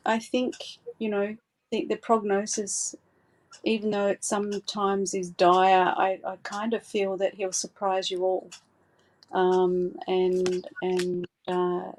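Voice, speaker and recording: A woman gives a live psychic reading in a gentle, reassuring way, frequently hesitating with fillers and restarting. Her voice is medium in pitch.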